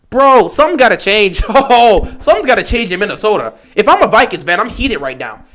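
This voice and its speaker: A young man hosting a livestream, giving excitable play-by-play reactions to football games that swing from shouting to muttering. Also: high voice, fairly quick, hardly any pauses. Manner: excitable, shouts at big plays then mutters. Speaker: livestream host. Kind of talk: live football watch-along commentary.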